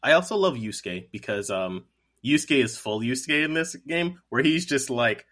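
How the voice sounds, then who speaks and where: Bright-toned man in joking game chat. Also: mid-range voice, animated, normal speed. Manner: laid-back, joking, laughs often. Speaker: podcast co-host. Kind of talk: casual video game chat.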